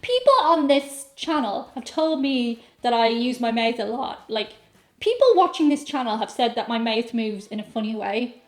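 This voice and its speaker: A woman's voice: on the high side, moderate pace. A woman with an Irish accent chatting playfully to camera as a vlogger, reading aloud and joking about herself. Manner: playful, self-mocking, reads aloud and riffs. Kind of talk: casual comedic chat to camera.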